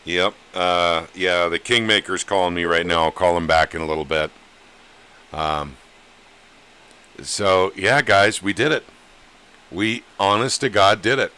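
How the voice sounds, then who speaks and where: A man's voice: deep voice, fairly even intonation, measured pace, long pauses, sharp tone, smooth. A man hosting a casual live-stream chat, plain-spoken and rallying, calling his viewers gang. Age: over 35. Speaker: podcast host.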